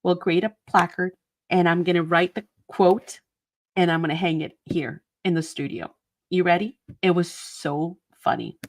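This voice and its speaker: A woman's voice: fairly low pitch, moderate pace. Giggly chatty woman host. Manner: animated and giggly, breaks into laughter. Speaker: craft channel host. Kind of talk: casual chatty storytelling to viewers. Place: indoor art studio.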